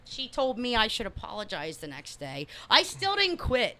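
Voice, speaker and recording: A young adult woman co-hosting a podcast, telling a story in a profane, animated way. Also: fairly high pitch, moderate pace. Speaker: new podcast co-host. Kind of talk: casual storytelling chat.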